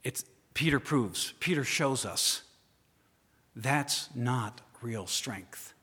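A man preaching a sermon, speaking straight to his listeners with pointed questions and moving from loud emphasis to a hushed voice. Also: medium pitch, expressive, drawn-out words, slightly rough. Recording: long hall reverb.

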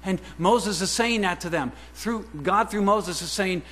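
A man preaching a sermon who fires rhetorical questions at the congregation and swings between quiet asides and loud, emphatic declarations. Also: high voice, measured pace, hardly any pauses. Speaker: pastor. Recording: reverberant hall with faint mains hum.

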